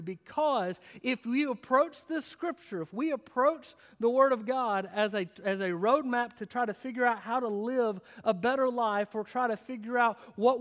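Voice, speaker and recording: High-voiced man preaching in a reverberant hall. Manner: emphatic, repeats and restarts phrases, drops low and quiet for key points. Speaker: pastor. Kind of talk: sermon.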